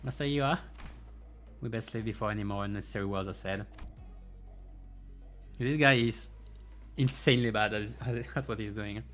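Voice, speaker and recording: A man's voice: fairly low pitch, moderate pace, pauses often, a bit bright, soft background music. A man playing through a game's story, reading the dialogue aloud and breaking off for dry, sarcastic asides. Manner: dry, sarcastic asides between read lines. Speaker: game streamer.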